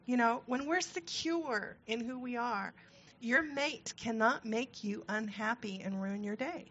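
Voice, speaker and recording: Woman, marriage seminar co-host, slow and reflective, higher voice, muffled lo-fi sound. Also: a bit bright. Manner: slow, reflective, clears throat. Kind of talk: seminar teaching. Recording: dull lo-fi recording.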